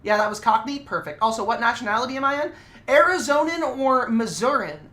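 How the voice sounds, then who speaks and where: A woman from Nevada talks loosely to her stream as she draws, with a high voice. The tone is bright and sharp, and she rambles and swears through quick asides. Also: expressive. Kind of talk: casual stream chat while drawing.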